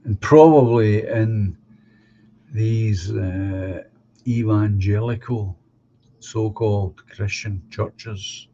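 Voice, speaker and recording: A man hosting a live stream, chatting casually and giving opinions, halting and restarting as he talks. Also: lowish voice, dark tone. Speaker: live stream host reading viewer comments. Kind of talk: casual chat. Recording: dull lo-fi sound with faint hum.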